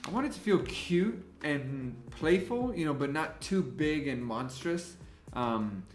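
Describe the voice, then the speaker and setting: A man with a slightly high voice hosts a relaxed livestream and takes his time, thinking out loud as he works on a design. He talks in an unhurried, easy way and stops to greet his chat. The room sounds roomy, with soft music playing behind him. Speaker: livestream host and graphic designer.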